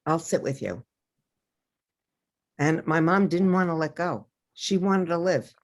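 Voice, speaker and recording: An older woman with a low voice tells personal stories as an interviewed author. She tells them in a lively way and acts out the voices of the people she quotes. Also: measured pace. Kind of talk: storytelling interview over video.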